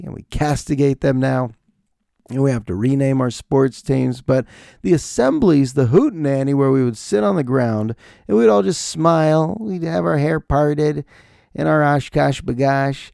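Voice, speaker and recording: Gravelly, animated male podcast host. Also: mid-range voice, normal speed, no room sound, studio quality. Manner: rambling, animated, profane storytelling. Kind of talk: comedic podcast monologue.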